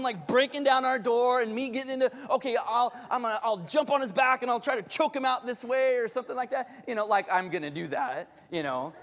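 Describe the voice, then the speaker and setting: A middle-aged pastor, preaching in a very high voice that rings through a large reverberant hall. He tells candid stories against himself, stumbling and restarting as he goes. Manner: candid, self-deprecating, animated storytelling with many restarts. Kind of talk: sermon with personal storytelling.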